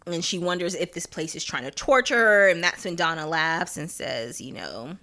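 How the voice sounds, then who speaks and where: A woman's voice: lowish voice, lively intonation, normal speed, pushed and bright. A young woman hosting a podcast, chatting casually through an episode recap, laughing often and acting out quotes. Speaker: podcast host.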